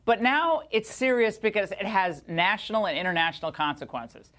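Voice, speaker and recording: A woman's voice: mid-range voice, normal speed, fairly bright tone. A woman hosting a TV commentary show, blunt and emphatic. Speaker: TV show host. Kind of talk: opinionated TV commentary.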